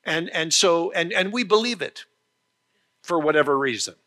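A man preaching a sermon, earnest and explanatory, slowing down on key phrases and often restarting his sentences. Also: on the high side, animated, pushed and bright. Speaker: pastor.

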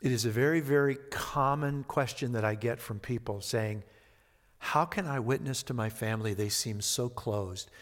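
A man's voice: medium pitch, moderate pace, fairly bright tone. A male pastor preaching a sermon, reading scripture with dramatic emphasis and then talking it over conversationally. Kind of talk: expository sermon. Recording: long hall reverb.

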